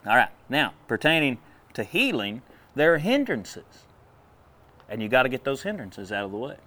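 A man preaching a sermon in a folksy, animated way, drawling and then breaking into sudden loud bursts. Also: medium pitch, moderate pace.

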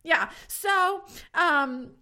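Woman, 30s, casual storyteller, lively swooping voice, laughs a lot. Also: extremely high pitch, extremely slow. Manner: animated, laughing often, acts out quotes. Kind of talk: casual chat.

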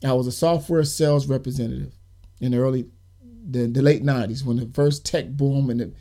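A man's voice: medium pitch, fairly even intonation, fairly quick, warm tone. A man hosting a podcast, speaking earnestly about youth work in an emphatic monologue full of lists and repeated key words. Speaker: podcast host and youth worker.

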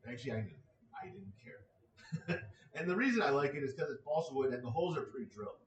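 A man's voice: medium pitch, sing-song, fairly quick, far from the mic, a little hiss or hum. Exasperated man ranting in an echoey room. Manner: exasperated, sarcastic, swears freely. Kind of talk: casual ranting monologue.

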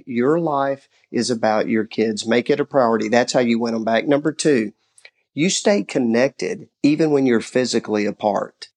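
A middle-aged man talking about parenting in a relaxed, earnest way. He tells stories warmly and lively and stresses his points. His voice sits at a medium pitch. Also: normal speed. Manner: earnest, animated storyteller. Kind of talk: casual faith-based parenting discussion.

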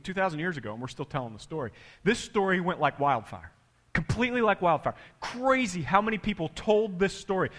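A pastor preaching a sermon, dropping to a hush and then rising loud to act out the scene, with casual asides to the congregation. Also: male voice, high voice, long reverb tail. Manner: dramatic, swinging between hushed and loud.

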